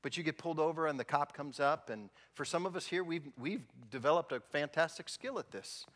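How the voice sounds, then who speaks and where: Pastor guy preaching, jokey and chatty, slightly high voice, long echo in the church. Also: lively intonation, a little fast, a bit bright. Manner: humorous, conversational storytelling. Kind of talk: sermon. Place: church sanctuary. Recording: long reverb in a church hall.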